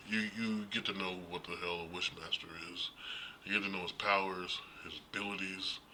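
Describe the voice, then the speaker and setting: A man's voice: sits low, bright, forceful tone, slight background noise. A middle-aged man hosting a casual stream, rambling and swearing as he ranks movies and talks to his viewers. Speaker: streamer host.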